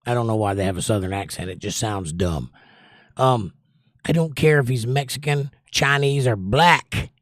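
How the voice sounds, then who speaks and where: A man's voice: medium pitch, moderate pace, no echo, studio quality. A man hosting a casual livestream, reading out viewer comments and answering them in an opinionated, sarcastic rant. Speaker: livestream host.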